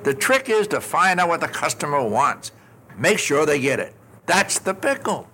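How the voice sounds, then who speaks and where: An older man giving a lively customer service talk, telling stories and acting out the dialogue with shifting voices. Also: on the high side, moderate pace, husky. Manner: animated storyteller, acts out dialogue with shifting voices. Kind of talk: storytelling keynote talk.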